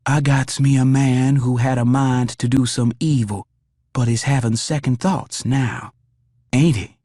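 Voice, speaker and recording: A man voicing a stern, pious rough country woman with a folksy, stone-cold delivery in an audiobook. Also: extremely low pitch, fairly even intonation, measured pace, dark tone, no echo, studio quality, voice pushed up, full character voice. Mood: stern, dry. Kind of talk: audiobook character voice.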